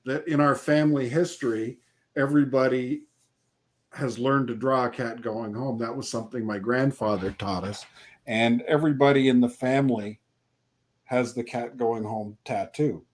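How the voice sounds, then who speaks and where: A man's voice: mid-range voice, fairly even intonation, normal speed. A man co-hosting a casual live call-in chat, talking loosely with frequent laughs and restarts over a video call. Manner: chatty, laughs often, restarts sentences. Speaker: co-host.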